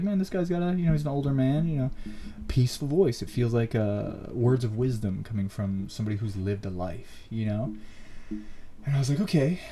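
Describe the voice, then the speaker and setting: A man with a low, warm, mellow voice tells his own story as a podcast host. He talks casually and earnestly, full of little fillers, and grows animated as he goes. A faint hum sits under the recording. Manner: earnest, animated, many fillers like "like" and "you know".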